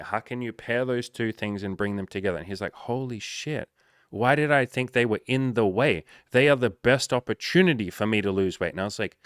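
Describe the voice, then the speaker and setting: A man's voice: lowish voice, no room sound, studio quality. A man coaching on a casual show, talking animatedly, swearing often and acting out conversations. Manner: animated, swears often, acts out dialogue with rising energy. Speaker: life coach.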